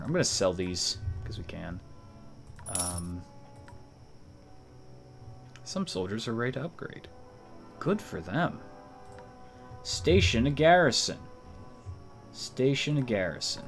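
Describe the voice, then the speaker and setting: Speaking in a fairly low, creaky voice, this streamer casually commentates live on his own gameplay from a room at home. He's playful, teasing and taunting enemies with chuckles, over a noisy recording where keyboard typing can be heard.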